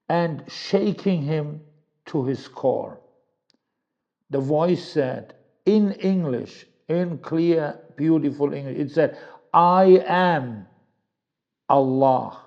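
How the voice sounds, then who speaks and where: A man's voice: a little high, mellow, muffled recording. A man preaching and telling a story dramatically, stacking repeated phrases for emphasis.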